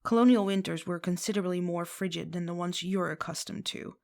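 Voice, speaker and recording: A composed, centuries-old witch speaks in a measured, formal way, as a woman reads her lines aloud. Her voice sits low and stays steady and gently teasing. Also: natural voice.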